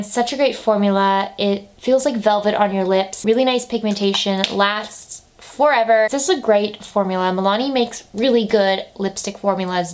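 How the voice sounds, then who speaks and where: A woman in her twenties talking to the camera in a relaxed, chatty way, full of "like" and "I feel like," recommending products. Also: mid-range voice. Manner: chatty, lots of "like" and "I feel like", laughs easily. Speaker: beauty vlogger.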